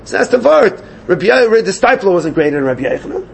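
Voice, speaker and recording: A man teaching a Gemara class, animated and questioning his students. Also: sits high, fast talker, gravelly, slight background noise. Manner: animated, questioning students, mixes Yiddish and Hebrew terms. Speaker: Talmud teacher.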